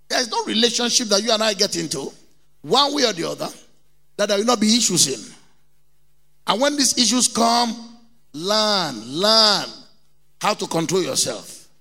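A middle-aged Nigerian man preaching with a high, bright, gravelly voice. His delivery is emphatic, with key words hammered again and again. The sound rings with a long church-hall reverb. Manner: emphatic preaching, repeats key words, mimics people in anecdotes. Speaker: pastor. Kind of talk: sermon.

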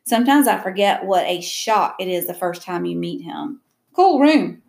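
A woman's voice: on the low side, normal speed, gravelly. A woman reading a novel aloud in a casual way, with small slips and rereads. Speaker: reader.

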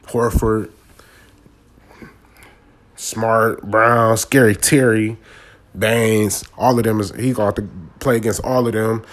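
A man, ranting casually and animatedly about a sports game in slangy talk. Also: lowish voice. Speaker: sports commentator.

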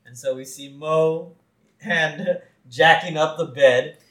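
A man co-hosting a podcast in a casual recap chat, laughing often and jumping up in pitch when he quotes characters. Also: slow pace, a bit bright, echoey room, poor audio. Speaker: podcast co-host.

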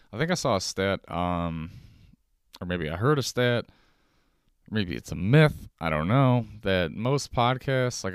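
A man's voice: deep voice, clean tone, dry recording, clean studio sound. A young man hosting his own podcast, rambling through a profane comedic monologue and acting out quoted voices from his kitchen table. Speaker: podcast host.

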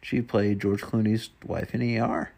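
Male vlogger, low and gravelly, loose rambling delivery with frequent swearing. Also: unhurried, dark tone. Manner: rambling, swears often, mutters to himself. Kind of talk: casual solo chat while browsing.

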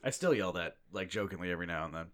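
A man's voice: low voice, lively intonation, racing, fairly bright tone. A young man co-hosting a podcast, crude and jokey, swearing often in casual banter. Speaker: podcast co-host.

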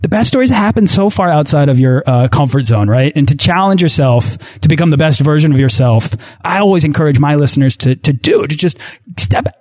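A man's voice: fairly high pitch, animated, fairly quick, darkish tone. A man hosting a travel podcast interview, speaking with encouraging enthusiasm. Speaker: podcast host.

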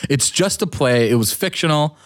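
A man's voice: a little high, animated, moderate pace. A man in casual conversation who rambles and gets worked up, often restarting his sentences. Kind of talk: casual chat.

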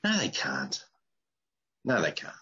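A man's voice: sits low, huge pitch swings, takes it slowly, bright, forceful tone, breathy edge, dull audio. A man in his forties with an Australian accent, hosting a casual podcast interview with blunt, crude teasing. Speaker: podcast host.

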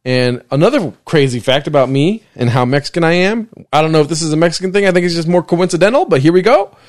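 Seated at a desk in his living room, a young man hosts a solo podcast, rambling from joke to joke, swearing plenty, and talking fast and expressively. His pitch swings widely as he drifts in and out of mock voices. The sound is close and dry, with no echo.

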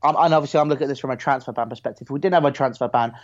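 Fast-talking young man, dull mic. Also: medium pitch, no room sound. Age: young adult. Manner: quick, eager, excitable. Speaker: podcast co-host. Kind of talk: casual football chat.

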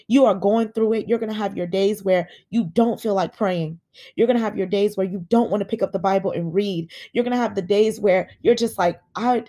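A woman's voice: medium pitch, a little mellow. Earnest woman preaching from her bed. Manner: earnest, preachy, addresses listeners as guys. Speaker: podcast host. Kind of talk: emotional faith encouragement. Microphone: home podcast setup.

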